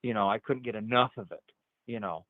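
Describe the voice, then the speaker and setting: Brief: middle-aged man, personal storytelling, stammering restarts, pitch jumps up in quoted speech, thin telephone-band audio. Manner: halting, repeats words, rises sharply when quoting others. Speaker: interview guest. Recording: tinny phone-like line.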